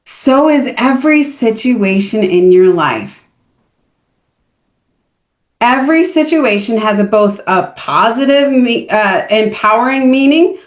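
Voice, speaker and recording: A woman coach leads a live motivational workshop, coaxing her audience to join in with plenty of energy. Her voice sits a little high. The sound carries the echo of the room and a dull, lo-fi quality.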